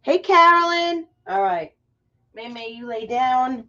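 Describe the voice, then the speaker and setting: A woman's voice: high-pitched, lively intonation, slow, sharp tone. Chatty woman hosting a craft livestream. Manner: chatty, greets viewers by name. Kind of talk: casual live crafting tutorial. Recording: muffled lo-fi livestream audio.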